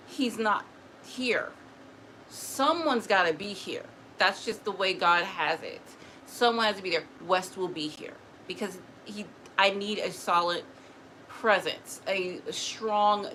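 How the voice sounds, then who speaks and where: A woman chats to camera in a casual, emotional way, with frequent restarts and repeated words. Her voice sits at a middle pitch. A steady background noise runs under the recording. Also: rough recording. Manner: chatty, emotional, talks to an unseen spirit. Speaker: spiritual vlogger. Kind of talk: casual personal talk to camera.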